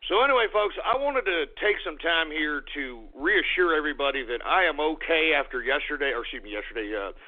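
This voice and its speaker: A man hosting a radio talk show who theatrically scolds an unseen engineer and his dog between announcements. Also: a little high. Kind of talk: comedic call-in radio monologue. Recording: tinny phone-line audio.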